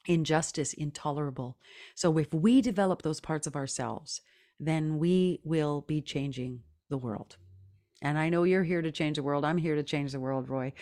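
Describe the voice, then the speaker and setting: A woman's voice: low-pitched, darkish tone. A middle-aged woman, a singer and podcast guest, talking earnestly and reflectively, often laughing. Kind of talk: casual interview talk.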